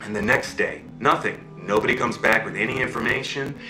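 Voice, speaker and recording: A man's voice: mid-range voice, fairly quick, echoey room, soft background music, poor audio. A man telling a fairy tale to listeners, checking in with them as he goes. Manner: animated, checks in with listeners ("okay?", "right?"). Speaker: storyteller. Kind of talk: oral storytelling.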